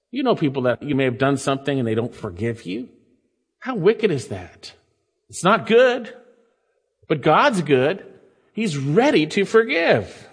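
A man's voice: sits high, slightly rough. A man preaching a sermon, emphatic and quoting scripture, changing his pace and volume often. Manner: emphatic, varies pace and loudness, quotes scripture. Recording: long reverb of a hall.

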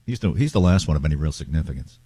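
A man's voice: a bass voice, lively intonation, racing, warm tone, husky, no echo. A man hosting a talk show, chatting in a rambling, wry way. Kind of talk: casual chat.

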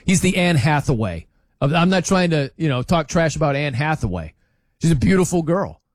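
A man hosting a sports talk show, arguing his point in an incredulous, animated rant with laughs between points. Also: a little high, normal speed, poor audio.

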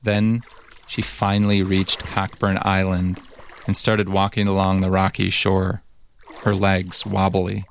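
Deep, flat-toned male narrator. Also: creaky, slight background noise. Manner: measured, even storytelling. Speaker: reporter and narrator. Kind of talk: scripted documentary narration.

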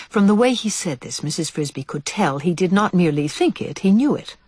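A woman narrating a children's storybook aloud, expressive and hushed in tense parts. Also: fairly low pitch, fairly quick, hardly any pauses, breathy edge, no room sound. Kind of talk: storybook reading.

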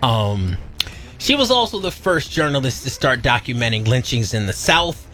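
A man co-hosting a radio show in casual banter, animated and wisecracking, often going off on tangents. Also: medium pitch, normal speed.

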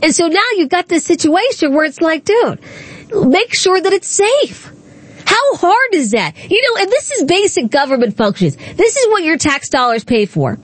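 A woman's voice: very high-pitched, sing-song, normal speed. A woman hosting a radio talk show, taking calls and giving her opinions in a conversational way. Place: radio studio.

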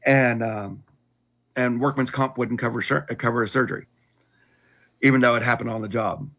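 Casting: middle-aged man with a husky voice, candid and unpolished, sharing a hard personal story. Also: medium pitch, fairly even intonation, moderate pace, fairly bright tone. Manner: candid, with frequent restarts and wry laughs. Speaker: guest telling his conversion story.

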